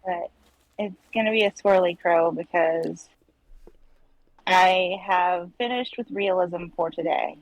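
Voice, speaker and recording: A woman's voice: fairly low pitch, takes it slowly, dry recording, rough recording. A woman chatting casually on a live stream while she draws, telling stories and acting out her own quoted lines. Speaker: streamer co-host. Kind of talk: casual chat while making art.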